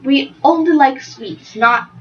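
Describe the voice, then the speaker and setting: A woman playing a chatty young female unicorn in an improvised interview, earnest and a bit halting. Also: high-pitched, lo-fi sound, a little hiss or hum. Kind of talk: improvised role-play interview.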